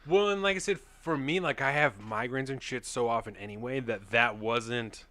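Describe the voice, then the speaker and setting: A young adult man co-hosting a podcast, telling animated stories in casual chat and laughing often. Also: mid-range voice, normal speed. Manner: animated storytelling, laughs often, swears freely. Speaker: podcast co-host.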